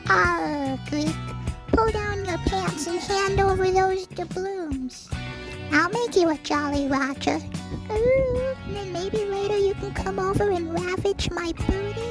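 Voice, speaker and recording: A woman's voice: very high voice, slow pace, exaggerated voice. A woman voicing a bawdy, flirtatious female pirate in a saucy, teasing manner for a comedy radio drop. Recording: music bed under voice.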